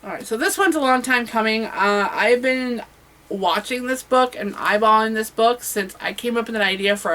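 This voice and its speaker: Woman, casual home book vlogger, enthusiastic, rambling with fillers and self-corrections, average pitch. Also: fairly bright tone, poor audio. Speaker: booktuber.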